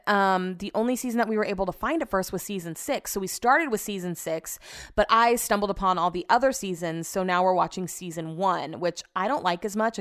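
A woman's voice: medium pitch, clean tone. A woman hosting her podcast alone, rambling in casual chat and swearing now and then. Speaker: podcast host.

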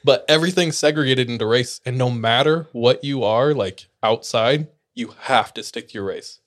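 A man's voice: medium pitch, normal speed, fairly bright tone. A man hosting a podcast, telling a story in a casual, rambling way and laughing often. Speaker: podcast host. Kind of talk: casual chat.

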